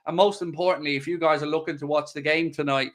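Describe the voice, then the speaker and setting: A man's voice: on the high side, fairly even intonation, quick pace. A man hosting a live stream, chatting casually and joking as he answers viewers' questions. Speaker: livestream host.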